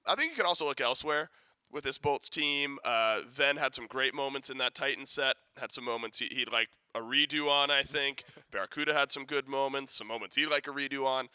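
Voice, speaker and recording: Bright-voiced male esports desk analyst. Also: mid-range voice, fairly quick, clear, resonant tone, no echo. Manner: conversational, many restarts and fillers.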